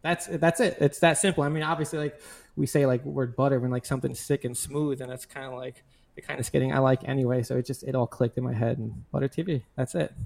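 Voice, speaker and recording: A man's voice: mid-range voice, steady tone, fast talker, creaky, a little mellow. A man as a guest in a casual interview, talking in a loose, rambling way with lots of fillers. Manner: rambling, filler-heavy, laid-back. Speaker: guest, skate video maker.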